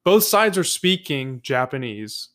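A man co-hosting a podcast in casual chat, relaxed and chatty, filling his sentences with "like". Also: medium pitch, measured pace. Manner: relaxed, many "like" fillers, laughs along. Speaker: podcast co-host.

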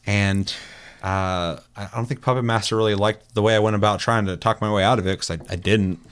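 A man's voice: on the low side, a little fast, clear, resonant tone. Laid-back swearing man chatting with friends. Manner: laughs at himself, swears, animated storytelling. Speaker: podcast host. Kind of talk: casual chat.

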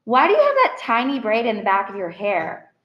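A woman's voice: a little high, huge pitch swings, a little fast, dull audio. A woman voicing a bold, confident young schoolboy who talks in an eager, pointed way in a storybook. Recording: roomy echo.

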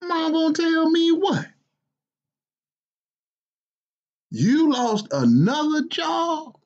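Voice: high-pitched, sing-song, slow pace, darkish tone, muffled recording, exaggerated voice. A performer playing a stern, hardworking father who scolds his grown son with sarcasm in a comedy skit. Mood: scolding. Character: stern middle-aged working father.

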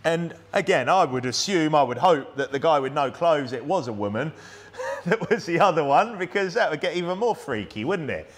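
With a fairly high, expressive voice at a moderate pace, a man with a British accent preaches in a church. His delivery is conversational, marked by frequent restarts and tag questions, and a plugged-in microphone captures it.

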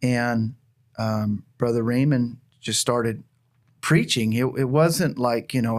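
An earnest man of average pitch tells a heartfelt personal testimony as a church planter. He talks through his story with frequent restarts, plain and sincere. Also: steady tone, a little slow.

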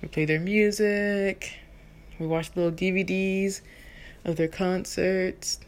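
A woman in her thirties from Texas, a soprano singer, telling a personal story in an animated, chatty way with lots of fillers. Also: medium pitch, slow. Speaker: vlogger. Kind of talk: casual storytelling.

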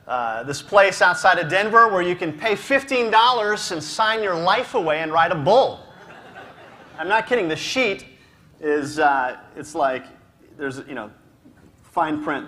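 A man's voice: on the high side, normal speed, a bit bright, a little hiss or hum. A man speaking to a ministry gathering, telling a humorous story with a self-deprecating manner, laughing often and restarting his sentences.

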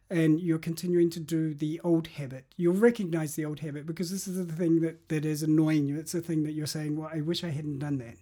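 A man's voice: a little high, mellow. A man talking through how to change habits in an interview, reflective and explanatory, often restarting his sentences. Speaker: guest.

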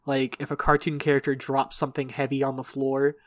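A man's voice: medium pitch, monotone, fairly quick, fairly bright tone, no echo. A young man telling a long story in casual podcast chat, rambling and swearing, often laughing. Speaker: podcast co-host.

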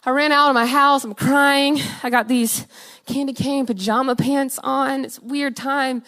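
A young woman with a high voice tells her testimony in a sermon. She speaks earnestly and with deep feeling, drops soft, then rises loud, and laughs lightly between phrases. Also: fairly even intonation, a little slow.

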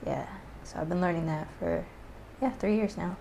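A young woman from Hawaii in casual chat, a relaxed and supportive talker who laughs often. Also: lowish voice, normal speed, vocal fry, slight background noise. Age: young adult.

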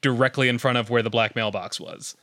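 Mid-pitched man, offhand podcast guest, jokey. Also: fairly even intonation, brisk, fairly bright tone, no echo, studio quality. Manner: joking, offhand. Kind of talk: casual chat.

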